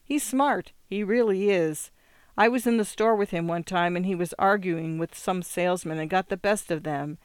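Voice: mid-range voice, moderate pace, smooth, dry recording, studio quality, close to an everyday voice. A narrator voicing a nervous young farm woman who pleads and rambles, in an audiobook reading. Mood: pleading. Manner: earnest, anxious, rambling.

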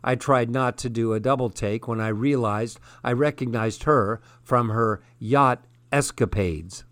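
Guy narrating a story, steady and measured, mid voice, super dry mic. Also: mid-range voice, no room sound. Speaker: audiobook narrator. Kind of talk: scripted first-person narration.

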